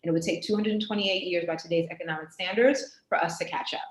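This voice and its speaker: A woman with a New York accent, talking as a guest on a video-call interview in an animated, emphatic way. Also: lowish voice, fast talker. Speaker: guest artist. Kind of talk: casual interview chat. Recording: roomy echo on a video call.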